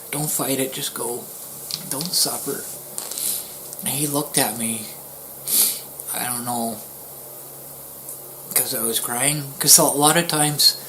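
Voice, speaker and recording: A man speaking at a middle pitch, telling a personal story to his viewers. His delivery is halting and soft, full of pauses and restarts, and it sinks now and then to a near-whisper. The tone is somber and grieving. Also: background noise. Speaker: YouTuber.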